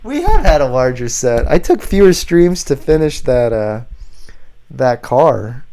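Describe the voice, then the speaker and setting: Relaxed man chatting on a livestream. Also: medium pitch, a little slow. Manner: chatty, reads viewer comments aloud, laughs often. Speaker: livestream host. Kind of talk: casual livestream chat.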